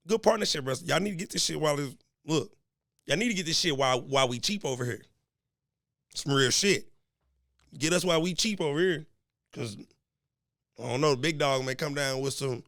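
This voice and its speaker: A man's voice: medium pitch, lively intonation, brisk, long pauses, fairly bright tone, no room sound, studio quality. A young man hosting his own podcast solo, joking and swearing loosely as he talks straight to listeners, with a slight cold. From American Midwest. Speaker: podcast host. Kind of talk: casual solo podcast monologue.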